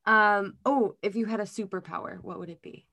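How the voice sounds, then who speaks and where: A woman's voice: mid-range voice, pushed and bright. Easygoing woman podcast host. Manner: easygoing, quick to laugh. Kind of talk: casual interview.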